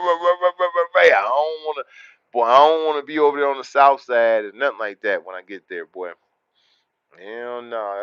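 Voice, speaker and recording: A man hosts a livestream, talking to his chat in loud, boastful street slang. His voice sits in a middle register. The sound is dry and a little dull. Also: medium pitch, no echo. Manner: loud, boastful street slang, repeats words in rapid runs. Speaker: livestream host. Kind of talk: casual livestream chat, reading the chat.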